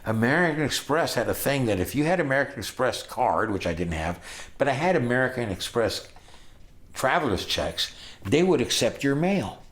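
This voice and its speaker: A man in his sixties telling stories about his travels in a casual, animated way, acting out the people he met and breaking into loud excitement. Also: mid-range voice, normal speed. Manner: animated, acts out voices, bursts of loud excitement. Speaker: storyteller recalling his travels. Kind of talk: casual spoken storytelling.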